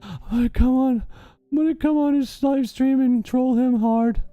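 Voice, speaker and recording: A man puts on a middle-aged troll who sobs and wails about his broken heart, the voice pushed far higher than his own. The tone stays mellow and self-pitying, with faint music underneath. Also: normal speed, clear, resonant tone, no echo. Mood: whiny sobbing. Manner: sobbing, wailing and self-pitying.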